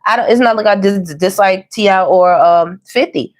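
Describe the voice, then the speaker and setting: A woman's voice: medium pitch, normal speed. A woman giving a casual tarot reading, chatty and slangy, talking to viewers as y'all and baby. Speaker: tarot reader.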